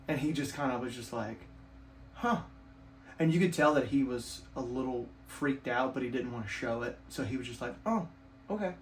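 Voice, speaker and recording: A man's voice: medium pitch, lively intonation, normal speed. Guy rambling through a spooky story, lots of you-knows, roomy room with a little hiss. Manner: rambling, repeats himself with fillers and many "you know"s. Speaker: channel host telling a ghost story. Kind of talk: casual storytelling to camera. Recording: roomy home recording with faint hiss.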